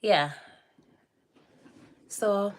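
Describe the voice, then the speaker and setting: A woman's voice: mid-range voice, very slow. A woman in her forties from Botswana hosting a casual livestream, chatting with viewers and laughing often between remarks. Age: 40s. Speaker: livestream host. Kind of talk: casual livestream chat, answering viewer comments.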